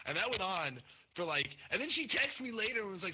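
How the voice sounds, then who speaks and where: A man's voice: on the high side, animated, fast talker. A young man telling rambling, crude stories on a casual podcast, with many fillers. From Nebraska. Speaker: podcast co-host. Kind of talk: casual storytelling chat. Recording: dull lo-fi sound with faint noise.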